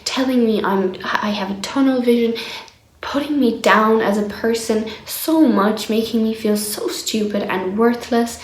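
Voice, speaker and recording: In an echoey room, a woman records a personal diary vlog, venting with exasperation about being shut down and sometimes dropping to a whisper. Her voice is mid-range with a darkish tone.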